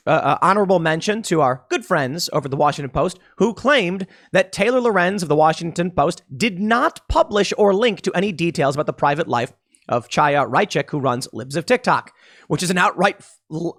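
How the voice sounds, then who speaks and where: A man's voice: on the high side, fairly bright tone. Sarcastic, emphatic male political commentator. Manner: sarcastic, emphatic, mocking quotes.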